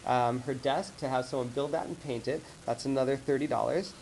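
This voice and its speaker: A man giving a casual slideshow talk to colleagues, rambling and animated as he tells stories. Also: medium pitch, brisk, gravelly, a little hiss or hum, low-quality recording. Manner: rambling, animated storytelling with acted-out quotes. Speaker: presenter. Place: office meeting room.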